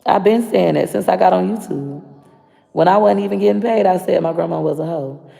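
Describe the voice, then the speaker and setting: Gravelly, blunt Florida woman. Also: fairly low pitch, fairly quick, mellow. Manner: blunt, profane, confrontational. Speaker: vlogger. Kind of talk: casual rant to camera. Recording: long reverb.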